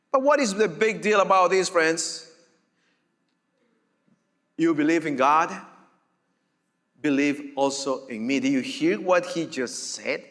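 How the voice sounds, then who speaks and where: A man preaching a sermon as pastor, emphatic and deliberate, repeating his key phrases. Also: high-pitched, bright, forceful tone, big-room sound.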